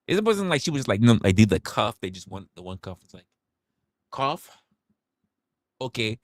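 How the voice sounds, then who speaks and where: A young man hosting a livestream, telling a story in a candid, profane, animated way. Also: fairly low pitch, quick pace, no echo, clean studio sound. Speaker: livestream host.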